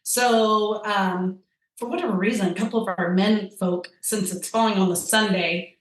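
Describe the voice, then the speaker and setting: A woman's voice: medium pitch, steady tone, moderate pace. A woman chatting casually as a podcast guest, rambling with lots of fillers. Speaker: guest, tasting-room wine server. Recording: echoey room.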